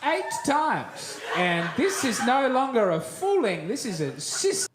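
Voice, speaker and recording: A man's voice: very high-pitched, huge pitch swings, slow. An Australian man doing a stand-up comedy bit in a mock-earnest, laughing way. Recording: echoey room, loud noise.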